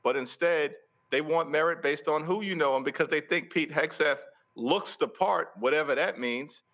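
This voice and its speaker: A man giving forceful political commentary on a talk show, stacking repeated phrases for emphasis. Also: on the high side, moderate pace, muffled recording. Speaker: congressional leader interviewed as guest.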